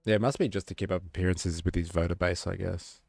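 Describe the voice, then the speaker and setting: Male streamer, low gravelly voice, dry close sound, loose and sweary while gaming. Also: fairly even intonation, fast, a little mellow, no room sound. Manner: offhand, swears, reacts to chat. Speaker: live streamer. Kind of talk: casual live-stream chat while gaming.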